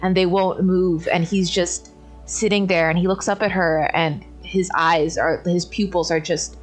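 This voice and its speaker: Woman player narrating a tabletop game, husky, low, hesitant. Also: steady tone, unhurried, soft background music, low-quality recording. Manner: hesitant, full of "like".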